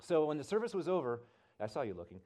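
A pastor preaching to a congregation in church tells stories with animation, acting out the voices of the characters. His voice is a little high and fast.

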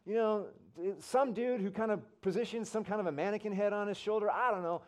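A man preaching a sermon as pastor, telling stories conversationally and swinging from loud and emphatic to soft and hushed. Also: high-pitched, brisk, hardly any pauses, lo-fi sound. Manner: conversational storytelling, swells loud then drops soft.

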